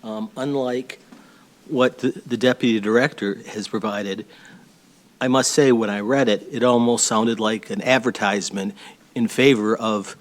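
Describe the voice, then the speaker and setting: Halting man testifying at a microphone. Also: fairly low pitch, fairly even intonation. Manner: halting, with fillers and pauses while looking up notes. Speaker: attorney for a petition sponsor. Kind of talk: testimony at a public board hearing. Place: public hearing room, speaking into a table microphone.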